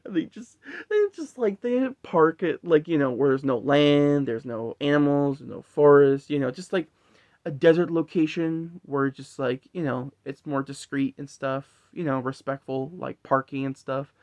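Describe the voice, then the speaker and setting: A man's voice: fairly high pitch, moderate pace, a little mellow, no room sound. A man giving a casual, rambling film review full of swearing and frequent laughter. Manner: rambling, profane, laughs often. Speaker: movie reviewer.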